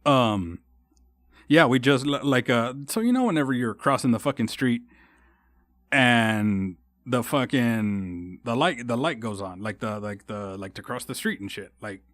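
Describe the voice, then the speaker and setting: A man's voice: medium pitch, lively intonation, measured pace, fairly bright tone, dry recording, studio quality. A young man from Texas hosting a solo podcast, ranting in a heated, rambling way with constant swearing and restarts. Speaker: podcast host. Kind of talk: casual solo podcast rant.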